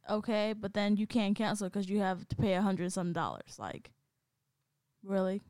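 A woman's voice: medium pitch, animated, moderate pace, darkish tone, no echo. Rambling young woman, dry podcast sound. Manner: rambling, filler-heavy storytelling. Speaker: podcast co-host. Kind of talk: casual chat.

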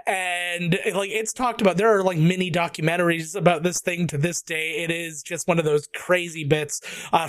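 Casting: high-pitched male podcast panelist, dry close sound, lively storyteller. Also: no room sound. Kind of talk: casual storytelling chat.

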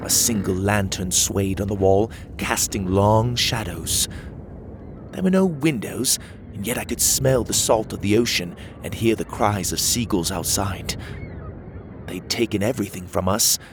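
A man narrating a children's fantasy audiobook in a measured, dramatic way. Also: fairly low pitch, slight background noise. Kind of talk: audiobook storytelling. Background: faint music.

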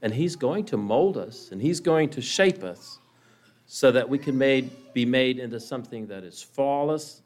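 A man preaching, telling a parable in a dramatic, expressive way. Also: medium pitch, normal speed. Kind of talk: sermon storytelling.

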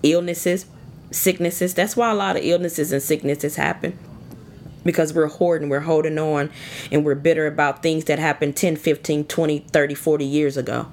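Woman, deep voice, earnest and exhorting, relaxed devotional talk. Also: moderate pace, a little hiss or hum. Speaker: devotional speaker.

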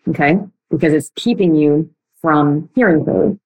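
A young woman speaks straight to her listeners as a relationship coach. Her voice sits a little low, and she is blunt and emphatic, racing through some phrases and stretching out others. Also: darkish tone, rough recording. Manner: blunt, emphatic, speeds up and slows down a lot. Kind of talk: direct-to-listener coaching talk.

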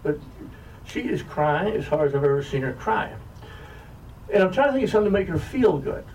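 A man's voice: high-pitched, big pitch swings, fairly quick, darkish tone. An older man telling wry, self-mocking stories to an audience as an author. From American South. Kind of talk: humorous storytelling talk. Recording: distant mic, faint room noise.

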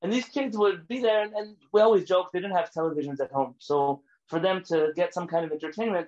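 A man with a fairly high voice gives a rabbi's lecture full of stories. He speaks in an animated, emphatic way and sometimes pushes close to a shout. The recording is dull and lo-fi. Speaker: rabbi teaching a class. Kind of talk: lecture with storytelling.

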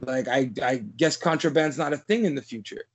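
A man's voice: mid-range voice, brisk. A man co-hosting a movie podcast, talking in a rambling casual way, packed with "like" and frequent swearing. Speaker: podcast co-host.

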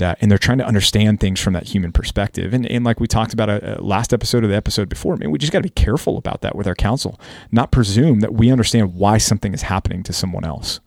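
A man's voice: on the low side, darkish tone, no echo, clean studio sound. A man hosting a casual Bible study podcast, talking in an earnest, conversational way and now and then acting out the quotes he reads. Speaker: podcast host teaching scripture.

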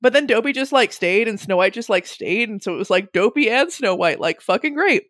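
A young woman tells a funny story in a relaxed, chatty way. Her voice sits a little high and swings widely as she gets animated, breaking into laughs and cheerful swearing. The recording is close and dry. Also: brisk, no echo. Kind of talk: casual storytelling.

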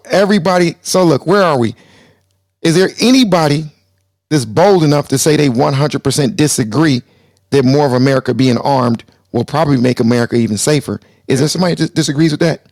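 A brash man hosts a live audio debate, joking with his guests and tripping over repeated words. His voice sits a bit high and has a gravelly edge. It sounds dry and close. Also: a little mellow, no room sound. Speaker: host.

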